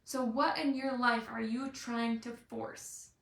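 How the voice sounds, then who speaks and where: A woman's voice: fairly high pitch, fairly even intonation, slow pace, vocal fry, echoey room. A young woman coaching viewers in a live video. She talks in a bubbly, playful way and acts out little scenes. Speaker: life and business coach. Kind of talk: motivational live video talk.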